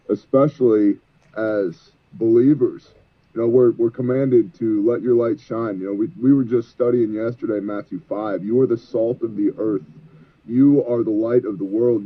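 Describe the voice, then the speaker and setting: An exhausted man, a ministry leader, speaking as a guest in a fervent, sermon-like way and quoting scripture. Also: lowish voice. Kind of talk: preachy interview talk. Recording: tinny phone-like call line.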